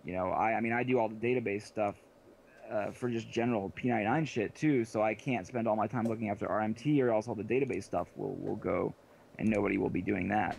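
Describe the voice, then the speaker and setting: A man hosting a casual podcast chat, rambling and profane, quick to joke. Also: fairly low pitch, creaky, a little mellow. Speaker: game server admin and podcast host.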